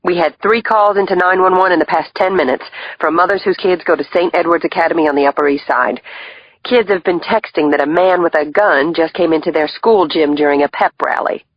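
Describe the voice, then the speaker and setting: Woman doing a brisk police dispatcher, husky, dull lo-fi audiobook sound. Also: fairly low pitch, close to an everyday voice. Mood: urgent.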